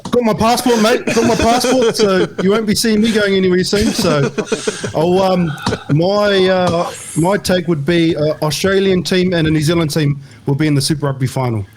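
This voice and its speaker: A man's voice: high voice, moderate pace, a little hiss or hum. A man chatting casually on a podcast, easygoing and joking. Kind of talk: casual chat.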